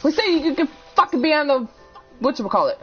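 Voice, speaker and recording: A woman's voice: sits high, sing-song, fast, fairly bright tone, soft background music. A young woman streaming a game, chatting casually with frequent swearing and banter, on a headset. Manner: swears freely, bantering and giggly. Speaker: gaming streamer. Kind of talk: casual gaming chat. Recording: slightly dull lo-fi stream audio.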